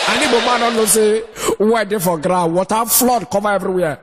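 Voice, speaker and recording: A man with a Nigerian Pidgin accent, doing animated stand-up storytelling and shouting his punchlines. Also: sits high, brisk. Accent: Nigerian Pidgin English. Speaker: stand-up comedian. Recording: noisy recording.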